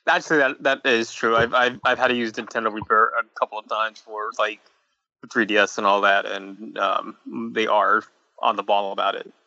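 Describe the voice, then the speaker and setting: A man with a New York accent co-hosting a podcast, bantering quickly and laughing along. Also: on the low side, flat delivery, gravelly, sharp tone, no echo, muffled recording. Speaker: podcast co-host. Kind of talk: casual chat.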